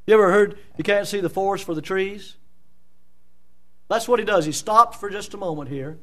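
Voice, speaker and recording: A man's voice: sits high, expressive, normal speed, long pauses. A man preaching an expository sermon in a church, emphatic and full of rhetorical questions. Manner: emphatic, rhetorical questions, dramatic voicing of scripture.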